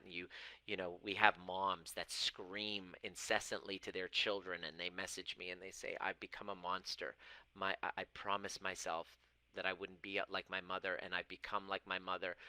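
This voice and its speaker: Man, 40s, self-help coach to camera, emphatic and deliberate, lowish bright voice. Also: clear, resonant tone, dry recording, rough recording. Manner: emphatic, stretches key words slowly, repeats and restarts. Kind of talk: monologue to camera. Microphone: camera mic.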